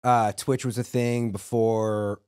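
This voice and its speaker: A man's voice: on the low side, flat delivery, slow, darkish tone, clear, resonant tone, dry recording, studio quality. A man who is a chef and podcast guest, telling stories in casual, teasing chat. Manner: storytelling, teasing, swears casually.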